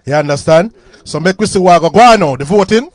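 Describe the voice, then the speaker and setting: A man's voice: on the high side, animated, a little fast, no room sound. A Jamaican man hosting a sound clash on live radio. He is chatty, laughs often and repeats phrases.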